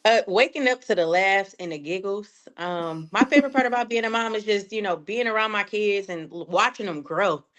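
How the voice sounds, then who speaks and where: A woman's voice: medium pitch, brisk, hardly any pauses, fairly bright tone. A woman in her thirties from Detroit, a podcast guest chatting casually, full of fillers and acted-out quotes. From Detroit, USA. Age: 30s. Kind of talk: casual chat.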